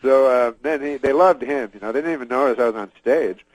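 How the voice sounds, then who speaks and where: A comedian from Canada telling a rambling deadpan story as a talk-show guest, full of fillers and restarts. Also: male voice, medium pitch, brisk, no room sound, poor audio.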